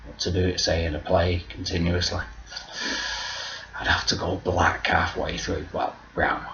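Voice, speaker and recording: Low-voiced swearing man rambling. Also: level tone, measured pace, background noise. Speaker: vlogger. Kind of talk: casual rambling monologue. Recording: dull lo-fi recording.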